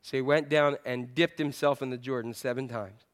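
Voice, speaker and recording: A male pastor preaching a sermon in a church, animated and playful, repeating phrases to drive a point home. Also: medium pitch, normal speed.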